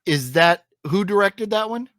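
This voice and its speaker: Guy ranting about a bad movie, lots of uh and um, kinda high voice, dry close mic. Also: expressive, measured pace, fairly bright tone, dry recording. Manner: rambling, many fillers and restarts; exasperated, emphatic griping. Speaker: co-host reviewing films. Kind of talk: casual chat review.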